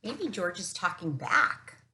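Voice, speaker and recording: A woman reads a picture book to children, her pitch rising and falling in lively swings. She takes her time and often pauses to ask the listener what they think. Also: slight background noise. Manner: animated, asks the listener questions. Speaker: teacher reading aloud to children. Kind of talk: storybook read-aloud with questions to kids. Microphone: camera mic.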